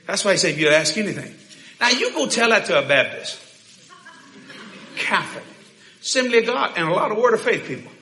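A man preaching a sermon in a church, shouting, laughing and talking fast in bursts. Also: high voice, very animated, slight background noise. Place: church hall with congregation. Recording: echoey church hall.

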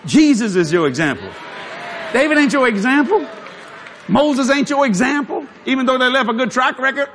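A man preaching a sermon, telling a funny story with frequent chuckles and shouted punchlines. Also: very high voice, moderate pace, a faint crowd, a little hiss or hum. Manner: animated, chuckling, shouts for emphasis.

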